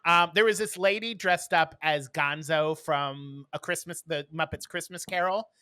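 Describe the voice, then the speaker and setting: Bright-voiced man telling snarky stories. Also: fairly high pitch, normal speed, smooth, no echo. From New York. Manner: blunt, snarky storytelling. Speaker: podcast co-host. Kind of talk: casual chat.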